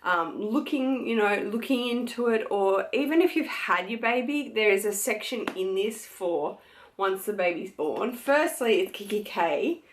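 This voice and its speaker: A young Australian woman, pregnant, chatting casually to camera as a beauty vlogger, gushing and filling pauses with "uh" and "like". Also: mid-range voice. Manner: chatty, gushing, many fillers.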